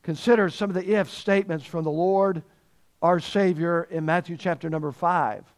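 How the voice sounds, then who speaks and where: A man's voice: on the high side, steady tone, moderate pace. A man preaching a sermon, repeating key phrases for emphasis and reading scripture aloud in old-fashioned wording. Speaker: pastor.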